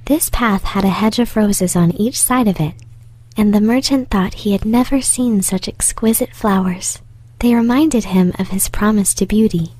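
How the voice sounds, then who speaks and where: A woman reading a fairy tale aloud in a very soft, partly whispered storytelling voice. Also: mid-range voice, slightly rough.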